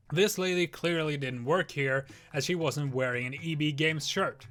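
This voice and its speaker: Young male YouTuber, high bright voice, wry story narration over faint music. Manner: wry, quick reactions and laughs. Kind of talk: story reading and commentary.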